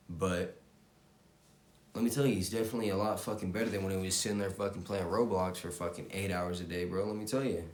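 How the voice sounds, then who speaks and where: A man giving a profane, intense motivational rant, repeating himself and swearing constantly. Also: on the low side. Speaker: motivational vlogger. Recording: roomy echo.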